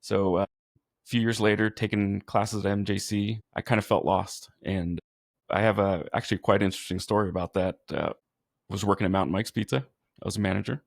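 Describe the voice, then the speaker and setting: A man from California with a low, gravelly voice, speaking as a firefighter guest. He talks in an earnest, easygoing and slightly goofy way. The recording is close and dry. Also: fairly even intonation, a little fast, dry recording. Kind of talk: casual storytelling.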